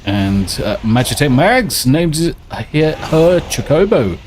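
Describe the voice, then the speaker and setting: A man's voice: a little high, sing-song, takes it slowly, darkish tone, slight background noise. Swearing man streaming a game. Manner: swearing, rambling and chatty, reads out viewer messages. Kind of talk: casual gameplay chat.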